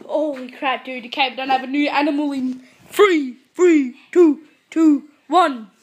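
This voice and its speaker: A woman vlogging as she jokingly spots animals, excitable, going from hushed to yelling. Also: high voice, a little slow. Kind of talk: joking mock wildlife spotting.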